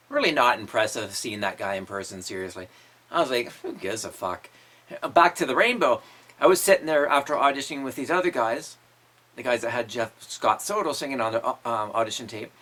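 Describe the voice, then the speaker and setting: A man's voice: medium pitch, bright, forceful tone. A man in his fifties, a musician hosting his own show, telling crude, profanity-laced stories with frequent laughter. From Canada. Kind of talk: casual storytelling monologue.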